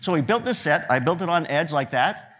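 A guest lecturer who works as a photographer and director tells students joking anecdotes about his photography work, acting out what people said to him. His voice is a little high, fairly bright with a breathy edge, lively in intonation and fairly quick.

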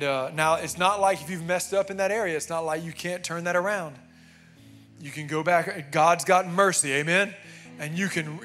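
A man's voice: fairly high pitch, pushed and bright. Emphatic man preaching a sermon. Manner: emphatic, conversational preaching with frequent "amen" and "man". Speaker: pastor. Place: church sanctuary.

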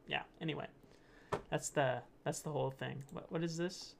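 Young man, casual host, gravelly voice, slightly high, laughs a lot, stumbles over words, faint hiss. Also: normal speed. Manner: rambling and easily amused, laughs often, trips over words. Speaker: channel host. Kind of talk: casual commentary reading posts.

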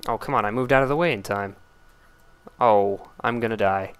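A man giving casual gameplay commentary, blurting out excited exclamations and complaints at the game as he plays. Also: on the low side, moderate pace, clear, resonant tone. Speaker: let's play gamer.

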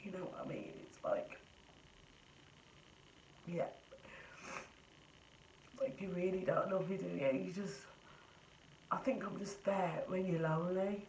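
A young woman in her twenties pours out her feelings in a casual vlog, earnest and rambling. Her voice sits low. She is a little distant from the mic in a roomy, echoing space. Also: measured pace, long pauses, a little mellow, a little hiss or hum. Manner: emotional, earnest, rambling with restarts. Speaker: vlogger. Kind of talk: casual confessional chat.

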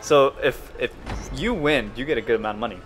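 Brief: male gameplay host, casual and laughing, bright tone, faint music underneath. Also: mid-range voice, brisk. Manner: excitable, laughing, yelps at crashes.

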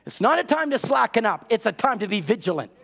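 A man's voice: very high voice, very animated, quick pace, vocal fry, sharp tone. A man preaching a sermon to his congregation, urgent and exhorting, repeating key words and asking rhetorical questions. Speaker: pastor.

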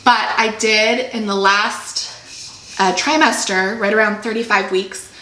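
Young woman host, emotional casual storytelling, a little hoarse, echoey room. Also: mid-range voice, steady tone, unhurried, sharp tone, slight background noise. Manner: emotional, trying not to cry. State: frog in her throat. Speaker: podcast co-host. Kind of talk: casual chat.

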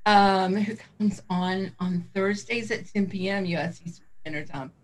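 A woman's voice: medium pitch, moderate pace. A middle-aged woman co-hosting a livestream in casual chat, rambling, laughing often and getting easily sidetracked. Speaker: co-host of a vaping livestream.

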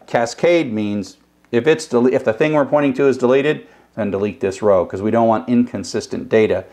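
A man's voice: medium pitch, brisk, a little mellow. An older man teaching web programming in a recorded lecture. He explains casually and thinks aloud, with restarts. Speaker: programming instructor.

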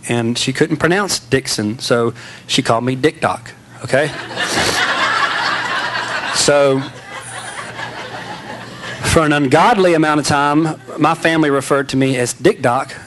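A man's voice: mid-range voice, a little slow, long pauses, noisy background. A man giving a candid, self-mocking storytelling speech to an audience. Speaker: speaker.

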